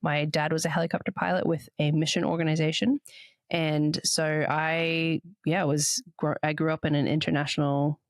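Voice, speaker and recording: A woman in her thirties with a mixed international accent hosts a podcast in a relaxed, chatty way. Her pitch bounces up on lively moments and she laughs easily. The sound is dry and close. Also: normal speed, dry recording. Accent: mixed international, Papua New Guinea upbringing. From Australia. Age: 30s. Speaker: podcast co-host. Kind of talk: casual chat.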